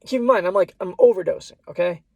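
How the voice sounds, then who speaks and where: A man's voice: sits high, quick pace, no echo. A man casually telling a personal story, rambling and restarting his lines, often repeating "I said".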